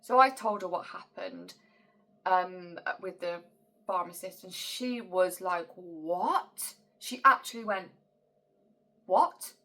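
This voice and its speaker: A woman's voice: fairly low pitch, unhurried. A young adult woman, telling a personal story in a vlog. She retells it with strong emotion and acts out the other people's lines. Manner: emotional, animated retelling with quoted dialogue. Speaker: vlogger.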